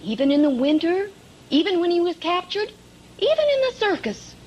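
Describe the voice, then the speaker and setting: A woman speaking gently and thoughtfully in a children's record dialogue. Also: very high-pitched, very animated, normal speed, lo-fi sound. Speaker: story companion.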